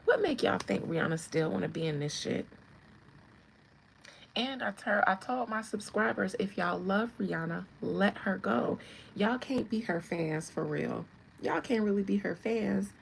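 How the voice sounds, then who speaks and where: Chatty woman with a gravelly edge. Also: medium pitch, moderate pace, a little hiss or hum, rough recording. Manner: animated, chatty, laughs often, addresses viewers directly. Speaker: channel host. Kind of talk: casual celebrity commentary.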